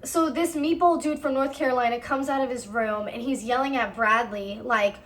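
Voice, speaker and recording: A woman in her twenties tells a long storytime vlog with heated, profane energy. Her voice sits a little high. She replays her own side of the arguments in the telling. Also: moderate pace, few pauses, fairly bright tone. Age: 20s. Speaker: storytime vlogger. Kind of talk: casual storytime narration.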